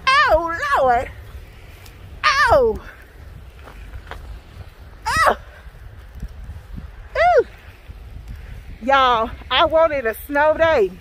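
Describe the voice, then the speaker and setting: A high-pitched Southern American woman vlogging on her phone outside in the snow. Her voice swoops up and down as she exclaims and calls out to her viewers, and her delivery stays slow and drawn out. Faint wind noise sits behind her. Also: sing-song, pushed and bright, rough recording. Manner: exclaiming and dramatic, calling out to viewers. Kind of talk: casual vlog, talking to camera.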